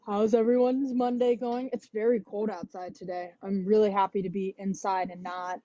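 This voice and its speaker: Chatty, mellow-voiced woman fitness instructor. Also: mid-range voice, moderate pace, no echo, highs cut off. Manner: relaxed, chatty, sighing and yawning. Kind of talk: casual chat before a livestream workout class. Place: indoors at home. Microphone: wireless headphone mic.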